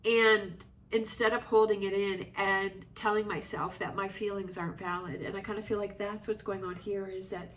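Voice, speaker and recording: A woman's voice: medium pitch, steady tone, normal speed, few pauses, a bit bright. A woman giving a tarot reading, talking in a reflective, reassuring, rambling way with many fillers. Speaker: tarot reader. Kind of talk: casual tarot reading monologue. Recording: slightly distant mic with faint noise.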